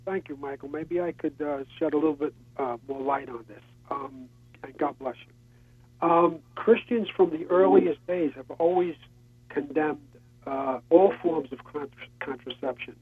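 Husky man calling in over a phone. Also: on the high side, unhurried. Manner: earnest, lists sources, hesitant fillers. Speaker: caller. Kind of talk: call-in radio comment. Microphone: telephone. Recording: tinny phone line.

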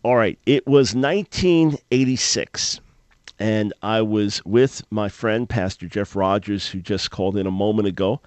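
A man hosting a call-in radio show and telling a story in an animated, preacherly way, jumping high and loud when he acts out his own thoughts. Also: a little slow, no room sound. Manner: animated, jumps to a much higher, louder voice when acting out his own past thoughts; preacherly, emphatic.

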